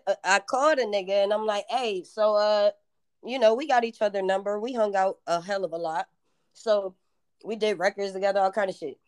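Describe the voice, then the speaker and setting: A woman's voice: medium pitch, rough recording. Profane woman podcast host. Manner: profane, blunt, rapid-fire retelling. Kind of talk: casual storytelling chat.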